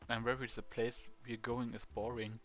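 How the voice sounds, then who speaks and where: A man's voice: medium pitch, flat delivery, moderate pace, close to an everyday voice. A man voicing a nervous, friendly young male ghost in a dating game, chatty and a little awkward.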